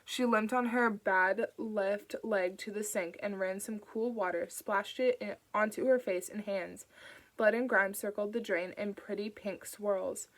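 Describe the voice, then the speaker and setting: A woman narrating an audiobook in a measured, steady reading voice. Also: medium pitch, poor audio.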